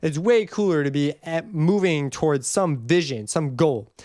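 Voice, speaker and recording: A man giving a casual music theory lesson, rambling and correcting himself as he goes, and humming the notes out loud. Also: on the high side, moderate pace, no room sound, studio quality. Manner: rambling, self-correcting, hums and counts notes aloud. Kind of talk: casual screen-recorded tutorial.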